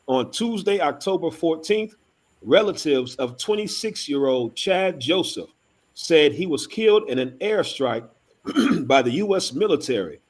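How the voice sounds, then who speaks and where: A man's voice: on the high side, expressive, unhurried. A man co-hosting a talk show, reading a news article aloud with emphatic, punchy delivery.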